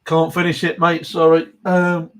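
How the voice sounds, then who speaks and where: A man's voice: on the high side, completely flat delivery, measured pace. A middle-aged man with an East Midlands accent, hosting a live stream in a chatty, matey way, reading out viewer comments and chuckling between them. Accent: East Midlands English. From English Midlands. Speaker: host of a diecast model livestream.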